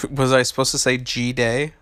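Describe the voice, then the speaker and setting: A man's voice: mid-range voice, a bit bright, dry recording, clean studio sound. A young man streaming a mobile game, reading out and answering chat questions in a loose, hesitant way with lots of ums and restarts. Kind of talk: casual live-stream chat.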